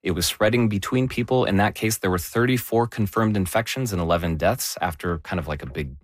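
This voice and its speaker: A man explaining a news story in a conversational way, animated and correcting himself as he goes. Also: lowish voice, fairly quick, dry recording, clean studio sound.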